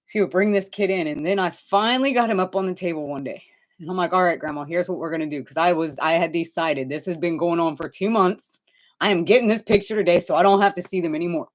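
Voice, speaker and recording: A middle-aged woman hosting a live stream, telling stories casually with lively voices for the people in them and frequent swearing. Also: lowish voice, fast talker. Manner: animated, swears freely, acts out quoted people. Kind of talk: casual storytelling.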